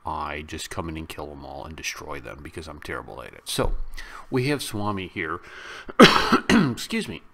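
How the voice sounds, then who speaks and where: An American man hosting a reaction channel, chatting casually and self-deprecatingly to his viewers, now and then breaking into loud, excited bursts. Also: extremely low pitch, normal speed, creaky. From United States. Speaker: YouTube reaction host. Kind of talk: casual chat to camera.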